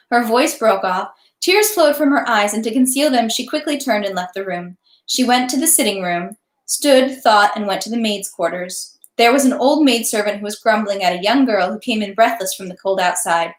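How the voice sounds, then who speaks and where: A woman reading a classic novel aloud at a steady pace, now and then stumbling and correcting herself. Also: on the high side, moderate pace. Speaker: audiobook reader. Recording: echoey room.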